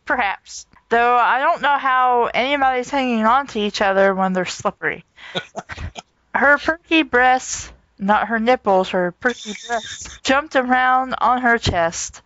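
A woman hosting a comedic reading of bad fan fiction. She reads in a flat, businesslike way, keeps stopping to comment, and breaks into giggles. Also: fairly high pitch, a little slow, muffled recording.

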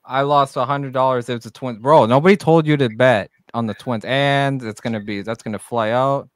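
Male amateur play-by-play streamer, smooth clear voice in a dry room, excitable and jokey. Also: medium pitch, moderate pace, dry recording. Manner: excitable, jokey, swears, shouts on big plays. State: out of breath. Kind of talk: live amateur play-by-play commentary.

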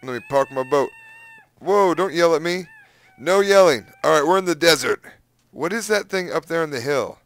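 A young man giving casual, excitable gameplay commentary, exclaiming and humming to himself. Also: on the high side, moderate pace, no echo. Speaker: gaming youtuber.

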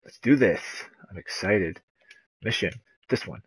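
A man's voice: on the low side, measured pace, husky, no echo. A young man streaming a video game, chatting casually, swearing now and then, and reading game dialogue aloud. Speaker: gaming streamer. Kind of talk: casual gameplay commentary.

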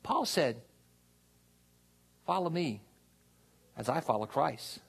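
Man, pastor, sermon, gravelly husky voice, animated pitch, church sanctuary, asks congregation for amens. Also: slow pace. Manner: conversational preaching with call-and-response asides.

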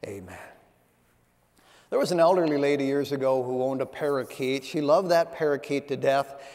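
A man's voice: mid-range voice, a little fast, a little mellow. A man preaching a sermon as pastor, reading scripture and telling stories in a folksy way. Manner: storytelling preacher, reads scripture in old-fashioned phrasing. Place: church sanctuary. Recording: long church hall reverb.

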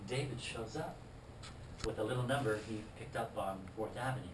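A man telling a personal testimony story and acting out the scenes in a lively way. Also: on the low side, fairly quick, background noise. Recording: roomy, distant mic.

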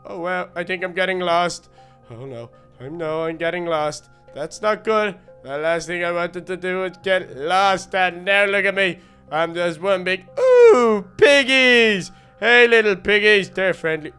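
A silly, excitable little baby duck, as a man puts him on, chattering to himself in a high, bright, clean voice. He rambles on nervously through a game role-play. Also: clear, resonant tone, exaggerated voice. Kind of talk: Minecraft role-play narration.

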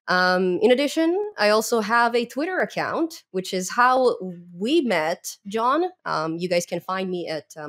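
Young woman, non-native english accent, podcast guest, lively, laughs a lot, lots of ums. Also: lowish voice. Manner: lively, laughs often, many fillers. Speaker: podcast guest, Python educator. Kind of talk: casual interview chat.

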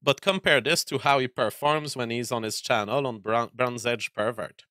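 A man hosting a commentary show, speaking deliberately with frequent hesitations and fillers. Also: medium pitch, steady tone, bright, forceful tone, no echo. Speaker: host.

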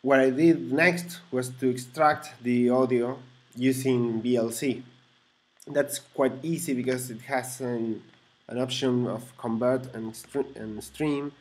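A man's voice: medium pitch, fairly even intonation, takes it slowly. A man speaking English as a second language, casually walking through a computer project with many fillers and self-corrections. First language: not English. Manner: chuckles to himself now and then. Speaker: hobbyist explaining a computer project. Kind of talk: casual screen-recorded walkthrough.

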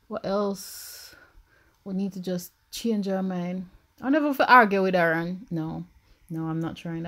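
A young woman with a Jamaican accent giving excitable, anxious commentary as she plays a life-sim game. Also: on the low side. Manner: animated, swings from anxious murmurs to shrieks. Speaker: gaming YouTuber.

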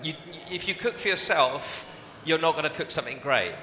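A bright-voiced man from the United Kingdom talks through drink making on a live event stage, pausing and restarting as he gathers his thoughts. His voice rings with a clear edge and carries a long, roomy hall reverb. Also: fairly high pitch, lively intonation, slight background noise. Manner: hesitant, halting with restarts. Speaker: bartender giving a masterclass. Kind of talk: casual live onstage chat.

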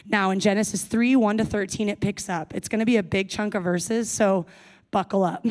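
A woman's voice: mid-range voice, fairly even intonation, moderate pace, darkish tone. A young adult woman giving a sermon to a young adults service, speaking casually and playfully with jokey asides.

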